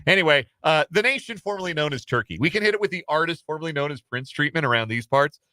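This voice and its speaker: A man's voice: a little high, lively intonation, fast, sharp tone, no room sound. A man hosting casual sports talk radio in a studio, rambling and self-deprecating with lots of fillers. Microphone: studio microphone.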